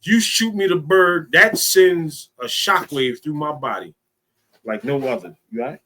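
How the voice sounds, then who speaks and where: A man's voice: on the high side, a little slow, sharp tone. A man leading an informal teaching talk, speaking emphatically and repeating his key phrases.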